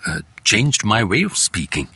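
An older man with an Indian English accent, telling anecdotes as a guest in relaxed conversation and acting out quoted family voices. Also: on the low side, normal speed, slightly rough, no room sound. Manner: animated anecdotes, slips into Hindi, acts out quoted family voices. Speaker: guest, voice artist.

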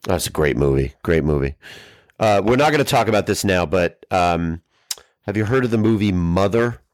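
Podcast co-host man: slightly low pitch, dry close sound, blunt and wry, keeps the talk moving. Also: lively intonation, moderate pace, dry recording. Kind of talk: casual banter.

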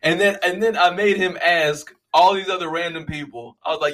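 A man's voice: on the high side, normal speed. A young man, casually rambling and joking with lots of profanity. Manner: profane, joking, animated storytelling.

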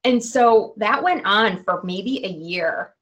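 A woman in her forties telling her own story as a podcast guest, chatty and animated, dotting her talk with "like" and "you know". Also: medium pitch, slow pace, dull audio. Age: 40s. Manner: chatty, animated, peppered with "like" and "right". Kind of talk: candid personal storytelling.

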